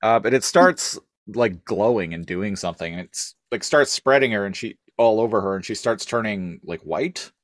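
A man co-hosting a casual podcast chat, talking in a halting way with lots of fillers, restarts and laughter. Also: on the low side, expressive, no room sound, clean studio sound. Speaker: podcast co-host.

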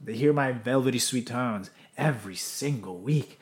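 A man's voice: medium pitch, normal speed. A young man co-hosting a podcast, joking, swearing and laughing often in casual banter. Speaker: podcast co-host.

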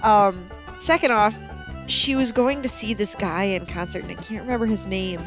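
A young woman co-hosting a podcast in casual movie chat, giggly and animated, with big pitch swings. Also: moderate pace, music in the background. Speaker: podcast co-host.

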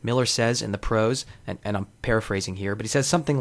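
Brief: male host, lowish voice, dry wordy scripted narration. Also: fast talker, few pauses. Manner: wry, wordy, deadpan. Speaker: podcast host.

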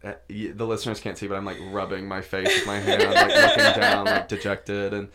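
A man's voice: on the low side, big pitch swings, a little fast, a crowd in the background. A man in his twenties, a podcast guest, telling a story in casual chat and laughing often as he goes.

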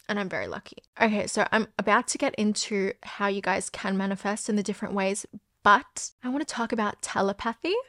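A woman's voice: medium pitch, fairly bright tone, no echo, clean studio sound. A young woman, hosting a podcast and telling a personal story in a candid, chatty way, full of "like" and the odd swear word. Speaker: podcast host.

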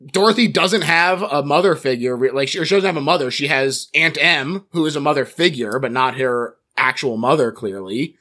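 A man's voice: mid-range voice, normal speed, pushed and bright. A man hosting a podcast, recapping a film's plot playfully and laughing at his own jokes. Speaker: podcast host. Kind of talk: plot recap and casual chat.

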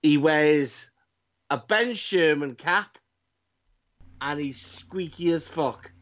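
A man with a somewhat high voice chats casually, sweary and enthusiastic, stumbling and repeating himself. The recording sounds dull and lo-fi. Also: slow pace, a bit bright. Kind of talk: casual chat.

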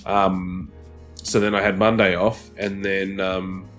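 A man's voice: deep voice, flat delivery, slow, fairly bright tone, soft background music. A young man, co-hosting a casual podcast, telling stories with lots of swearing and laughter. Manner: swearing, laughing storyteller acting out game chatter. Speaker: podcast co-host. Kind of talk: casual chat.

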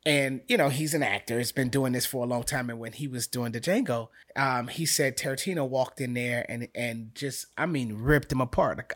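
A man's voice: medium pitch, moderate pace, few pauses, fairly bright tone. A man, a guest acting coach, talking casually in an interview and coaching by repetition.

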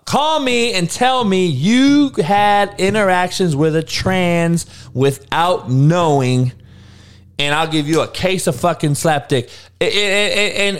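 A man hosting a livestream, talking to his chat in a loose, unscripted rant. His voice sits high and swings widely in pitch. He swears constantly, trails off, and restarts his sentences. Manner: profane, animated, rambling with frequent restarts. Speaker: livestream show host.

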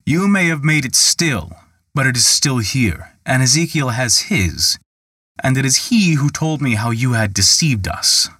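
A man's voice: medium pitch, animated, measured pace, pushed and bright, breathy edge, dry recording, clean studio sound, pitched above the performer's own voice, full character voice. A man voicing a sly, greedy male raftsman who deals in magic, talking in a smug, coaxing way.

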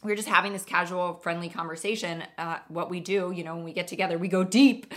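A woman's voice: on the low side, fairly even intonation, fast, fairly bright tone. A woman podcast host telling stories in an earnest, emphatic, conversational way. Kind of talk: casual storytelling monologue.

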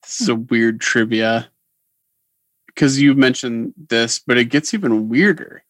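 A man's voice: mid-range voice, lively intonation, a little slow, a bit bright, no echo. A man co-hosting a podcast, chatting casually as he reviews and scores a TV episode. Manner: laid-back, conversational, gives scores. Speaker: podcast co-host.

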